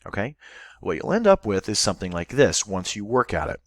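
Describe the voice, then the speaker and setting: A man's voice: fairly low pitch, sing-song, brisk, dry recording, studio quality. A male teacher giving a recorded online class lesson, explaining step by step and thinking aloud as he goes.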